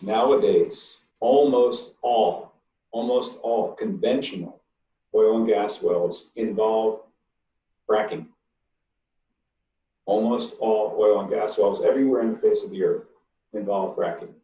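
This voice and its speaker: An older man answers questions in an online webinar, blunt and emphatic, and he leans slowly on the words he wants to stress. His voice is dark and mellow. It sounds distant and roomy over a dull, lo-fi call line. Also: on the low side, fairly even intonation. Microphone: computer mic on a video call.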